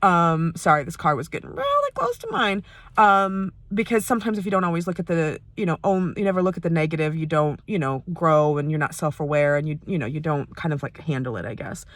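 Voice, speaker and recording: A woman's voice: low voice, animated, brisk, no room sound. An American woman talking candidly and at length in a personal vlog, recorded inside a parked car. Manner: chatty, rambling, candid. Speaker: vlogger.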